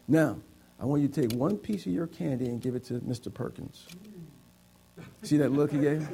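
A man preaches with a high, gravelly voice that has some fry in it. He is playful and teasing, slipping into put-on voices of reluctant givers to make his point. His delivery swings between lively emphasis and quieter asides. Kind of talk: sermon with a live object lesson.

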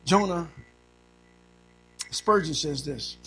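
A male preacher giving a sermon, moving between quiet storytelling and loud, rising preaching while reading scripture aloud. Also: high voice, moderate pace, pauses often, faint music behind, low-quality recording. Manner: reads scripture in old-fashioned wording.

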